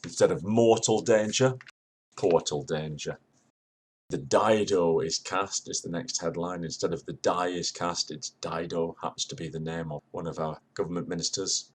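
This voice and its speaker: An older Englishman with a deep voice explains wordplay in a measured lecture. His tone is husky and a little rough, and he slips into little voices for the jokes he retells, then drops back to a dry explanatory manner. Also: fairly even intonation. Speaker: lecturer on humour. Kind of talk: spoken lecture.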